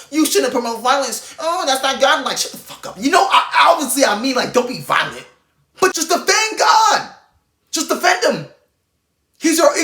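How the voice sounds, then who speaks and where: A man's voice: very high-pitched, pushed and bright, reverberant. A man preaching an informal, fiery sermon to camera, blunt and intense, swearing freely as he urges his listeners. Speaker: online Christian preacher.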